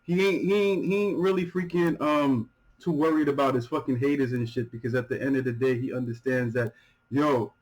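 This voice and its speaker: A man hosting a music reaction video, talking casually and excitedly, stumbling over repeated words, swearing freely and laughing often. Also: mid-range voice, a little fast, rough recording.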